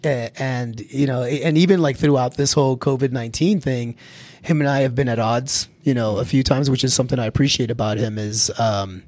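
A man's voice: medium pitch, brisk, no room sound. Chatty middle-aged man telling career stories. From Colorado. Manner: lively, laughs often, repeats words when starting. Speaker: guest, security executive. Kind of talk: casual career storytelling.

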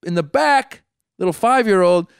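A man from Iran, a doctor, telling a long story in casual chat, rambling, repeating himself and jumping high when he acts out his own thoughts. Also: expressive, moderate pace, creaky, clean tone, no room sound, clean studio sound.

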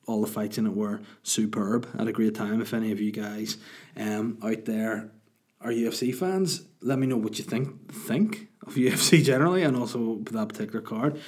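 A man's voice: lowish voice, normal speed. A man, rambling chattily as a solo podcast host. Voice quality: husky. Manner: rambling, self-deprecating, chatty. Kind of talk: casual solo podcast chat.

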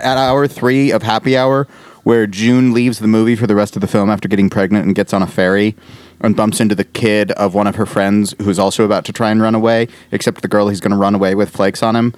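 A man's voice: fairly low pitch, clear, resonant tone, no echo. Laughing, rambling podcast co-host, a man. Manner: laughs easily, rambling and profane. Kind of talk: casual chat.

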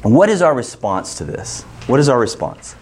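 Guy pastor preaching casually, cracks little jokes, numbered points, normal pitch, faint hiss behind. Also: very animated, normal speed, darkish tone. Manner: conversational and joking, lists numbered points. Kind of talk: sermon teaching with scripture readings.

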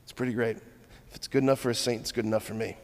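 A man preaching a sermon, earnest and steady, building his points through rhythmic lists. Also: mid-range voice, rapid-fire. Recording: long hall reverb.

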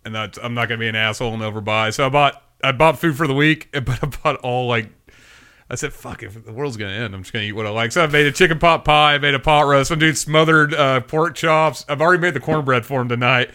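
Bright-voiced man telling rambling stories. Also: mid-range voice, brisk, clean tone. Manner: rambling storyteller, swears freely, acts out quotes. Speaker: podcast co-host. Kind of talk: casual chat.

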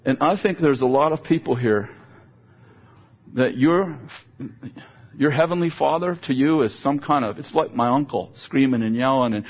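A man preaching a sermon, telling a lively personal story and moving into prayer, with a husky voice. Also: mid-range voice, moderate pace, dull audio.

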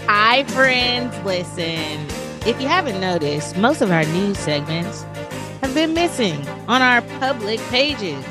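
Animated woman podcast co-host. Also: takes it slowly, over music. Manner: lively, animated, swings her pitch high and low. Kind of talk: podcast chat with sponsor shout-outs.

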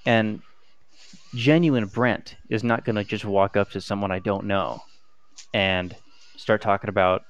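A young man, a student, chatting casually in a halting, hesitant way, with many restarts and fillers. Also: fairly low pitch, steady tone, clean tone, lo-fi sound. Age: young adult. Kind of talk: casual chat.

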